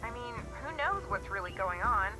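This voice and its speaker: A woman's voice: on the high side, expressive, moderate pace, over music, lightly acted, rough recording. An actress voicing a bored, sarcastic young woman friend calling in a video game, wry in her remarks. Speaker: video game character on a phone call.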